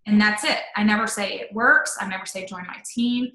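A chatty, upbeat woman talks her team through how she messages new recruits. Her voice is bright and forward, with lots of "um" and "like" as she goes. The room around her rings with noticeable echo. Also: mid-range voice, steady tone, brisk. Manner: upbeat, chatty, says "um" and "like" often. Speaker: network marketing leader. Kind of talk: casual live-stream training talk.

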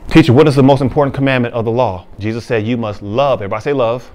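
A male pastor preaching a sermon, reading scripture slowly and then explaining it in casual, plain talk. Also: mid-range voice, a little mellow. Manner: casual informal phrasing.

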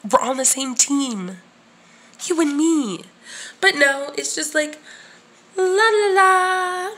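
A woman's voice: high voice, expressive, slow, a bit bright. A woman recording her first vlog at her desk, nervous and shaky, rambling with restarts and whispered asides to herself. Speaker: channel creator. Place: home room at a desk. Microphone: at her desk facing camera.

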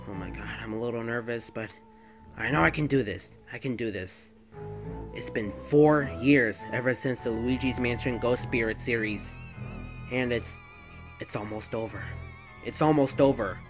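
A man's voice: medium pitch, a little slow, long pauses, over music, pitched below the performer's own voice, close to an everyday voice. A man voicing a timid male plumber hero who talks nervously, stammers and panics easily, in a plush toy video.

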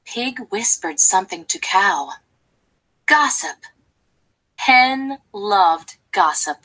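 A woman reading a children's storybook aloud, slowly and expressively. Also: mid-range voice, expressive, bright, forceful tone, low-quality recording.

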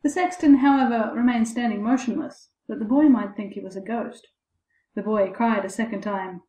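A woman narrating a fairy tale in a measured, expressive storybook reading. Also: medium pitch. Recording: echoey room.

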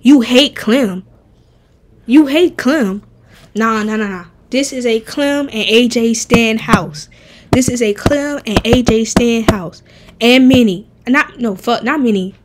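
A woman streamer chatting casually and bluntly while ranking game characters, animated and profane. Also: on the high side, measured pace, slight background noise. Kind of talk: casual game tier-list chat.

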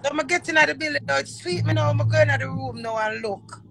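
High, gravelly Jamaican woman. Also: brisk, faint music behind, low-quality recording. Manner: animated, repeats words while telling a story. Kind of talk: casual storytelling chat.

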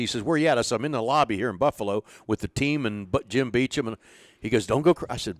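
An older man, a former pitching coach, telling stories in an interview and acting out the lines of people in them. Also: fast, no echo. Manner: animated storyteller, acts out quoted dialogue. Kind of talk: storytelling in an interview.

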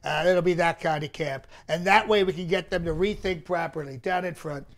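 A comedian playing a boastful, blustering former president, rambling and trading insults in a live comedy stream. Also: male voice, a little high, a little fast, gravelly, a bit bright.

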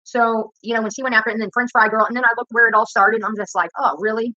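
Cooking in her home kitchen on a livestream, a woman YouTuber rants in a profane, confrontational, rambling way. Her voice is on the high side, very fast, pushed and bright, with little pitch movement. The sound is dull, lo-fi and dry, with no echo.

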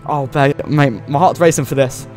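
A young man with a fairly high voice narrates a game pack opening in an excitable, exclamatory way. He pleads and cheers, peppering his talk with slang. Soft music plays underneath. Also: normal speed. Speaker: gaming YouTuber.

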